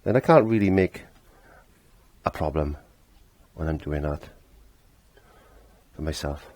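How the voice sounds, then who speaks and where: Low-voiced chatty man teaching painting. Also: unhurried, a little mellow, slight background noise. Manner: chatty, laughs at himself, trails off while concentrating. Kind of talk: casual painting lesson.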